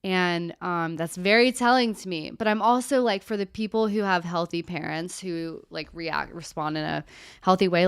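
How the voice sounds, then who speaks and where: A woman hosting a live stream as a therapist, answering viewer questions in a candid, animated way and now and then swearing casually. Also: on the low side, moderate pace, clear, resonant tone, dry recording, studio quality.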